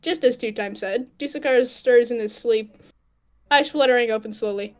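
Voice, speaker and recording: A woman's voice: fairly high pitch, normal speed, darkish tone. A woman narrating her own fanfic aloud, playful and teasing with her friends between lines. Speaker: narrator and fic author. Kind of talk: casual fanfic reading with friends.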